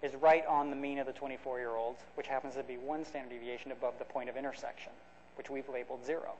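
A man's voice: medium pitch, steady tone, quick pace, slight background noise. A man giving a conversational academic lecture, explaining step by step with frequent restarts and fillers. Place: lecture hall. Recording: dull lo-fi lecture recording.

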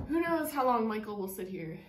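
A woman in her thirties rambles through casual chat with plenty of fillers, her mouth burning and drooling from spicy food. She is recorded at home in an echoey room with a faint hiss behind her. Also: fairly high pitch. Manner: chatty, rambling, with many fillers. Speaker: channel co-host.

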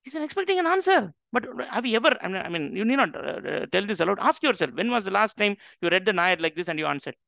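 A man's voice: high voice, very animated, quick pace, vocal fry, hardly any pauses, bright, forceful tone, no room sound. A man teaching on the Quran, emphatic and full of rhetorical questions to his audience. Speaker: Islamic teacher. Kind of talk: lecture on the Quran. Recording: dull lo-fi dry recording.

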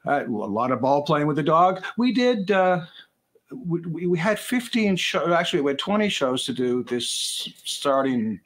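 A man's voice: on the high side, very animated, moderate pace. A man from Canada, a guest musician, chatting casually and joking in a rambling, self-deprecating way over a video call. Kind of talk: casual interview chat.

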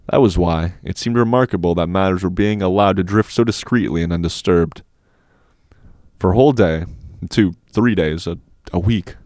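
A man narrating an audiobook in a steady, even reading voice. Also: low-pitched, dry recording, studio quality. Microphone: dynamic studio mic.

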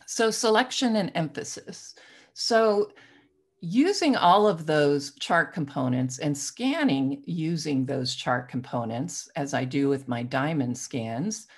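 A woman hosting a market analysis show, methodically explaining chart indicators and clearing her throat now and then. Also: deep voice. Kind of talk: explaining stock charts to viewers.

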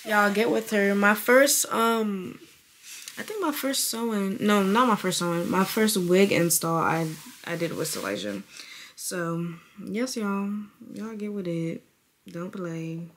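A woman's voice: fairly low pitch, normal speed. Young woman vlogger from Virginia, early twenties, casual chatty delivery that keeps talking straight to her viewers. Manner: chatty, addresses viewers as y'all. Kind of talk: casual vlog chat to camera.

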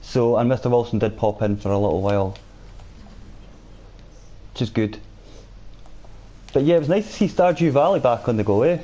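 A man of middle pitch with a warm, mellow tone talks casually through a live game stream. He chats easily with his viewers, answering their comments as he plays. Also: moderate pace, long pauses. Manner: chatty, reads and answers viewer chat while playing. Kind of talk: casual live-stream chat over gameplay.

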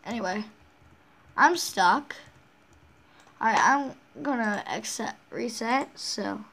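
A woman's voice: a little high, expressive, slow pace, a bit bright, husky. A woman hosting a casual game walkthrough, rambling along with frequent restarts and self-corrections. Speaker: game channel host.

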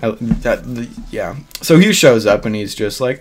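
A man casually telling a fan-made what-if story, rambling along with plenty of fillers and cursing. His voice sits at an ordinary middle pitch. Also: expressive, normal speed. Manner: rambling, filler-heavy, swears freely.

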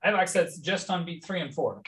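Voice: medium pitch, lively intonation, brisk, fairly bright tone. An adult piano student in a lesson, self-deprecating and thinking aloud, counting beats while playing. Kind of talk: lesson conversation. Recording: distant from the mic, with piano playing.

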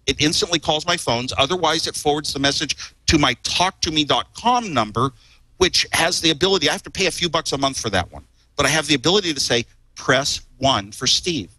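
A man's voice: on the high side, expressive, fast, bright, forceful tone, dry recording, poor audio. Rambling, chuckling man telling stories. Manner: rambling, chuckling, repeats words. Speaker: guest. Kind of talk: casual storytelling.

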